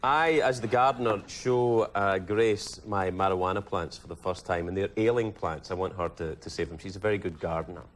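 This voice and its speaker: A man's voice: low voice, fairly quick, few pauses. A Scottish man chatting playfully as an actor guest on a late-night talk show, joking and mocking himself. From Scotland. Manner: playful, self-mocking, full of bits. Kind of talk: comic late-night chat. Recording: noisy TV studio audio.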